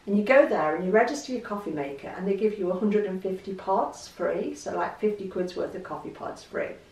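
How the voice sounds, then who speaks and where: A fairly quick, medium-pitched voice with a touch of mellowness belongs to an English woman vlogging. Her chat to camera is storytelling and full of easy laughter, and the distant mic picks up a roomy echo.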